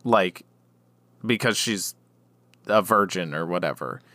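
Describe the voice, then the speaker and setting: A man's voice: low-pitched, slow, sharp tone, no room sound. A man co-hosting a podcast, rambling through a casual chat with many fillers and restarts. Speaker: podcast co-host.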